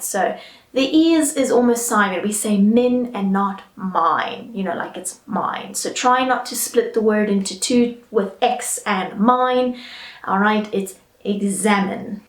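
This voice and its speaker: A woman with a British English accent teaching English pronunciation in a chatty way, often checking in with "all right?" and slowly modelling each word. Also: medium pitch, reverberant. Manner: slow, careful model pronunciations. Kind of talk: online English lesson.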